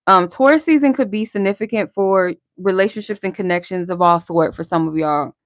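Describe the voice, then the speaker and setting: A woman's voice: medium pitch, fairly quick, no echo. Candid, encouraging woman in a dry room. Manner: candid, conversational, salted with swearing; encouraging, motivational. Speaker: tarot reader and live stream host. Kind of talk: casual spiritual guidance and tarot reading.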